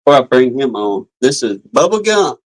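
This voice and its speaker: A man's voice: mid-range voice, very animated, moderate pace, low-quality recording. A man hosting a casual chat in a folksy, drawling way. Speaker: host.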